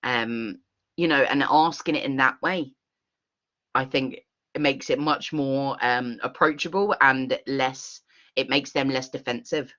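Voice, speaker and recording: A woman leading an online workshop, talking in an expressive, earnest way over a video call. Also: rumbling low, muffled recording. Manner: expressive, earnest, with quick laughs. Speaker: workshop facilitator.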